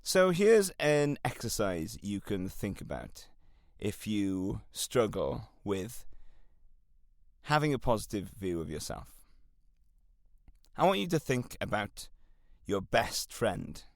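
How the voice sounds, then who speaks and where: A man's voice: fairly low pitch, sing-song, slow pace, no room sound, clean studio sound. Earnest Welsh man coaching listeners. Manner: earnest, encouraging self-help coaching. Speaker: podcast host. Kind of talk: solo podcast monologue.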